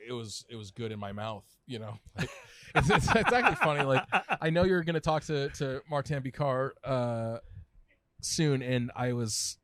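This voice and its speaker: Male podcast guest, 30s, casual rambler, mid-pitched, dead dry sound. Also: fairly bright tone, dry recording. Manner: rambling with many restarts and fillers, quick laughs. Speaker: podcast guest, food writer and editor. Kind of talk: casual conversational chat.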